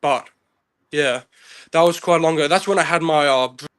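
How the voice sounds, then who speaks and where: A man's voice: on the high side, moderate pace, a bit bright, smooth. A young man, an arm wrestler guest, talking in a rambling, casual, self-deprecating way. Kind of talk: casual chat.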